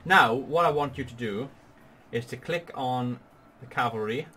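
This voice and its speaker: A man guides a partner through a strategy game battle, explaining each move in a patient, upbeat tone. His pitch sits in a middle range for a man. A faint hiss runs underneath his voice. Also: a little slow, pushed and bright. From Wales. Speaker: gaming channel host. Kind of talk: strategy game tutorial commentary.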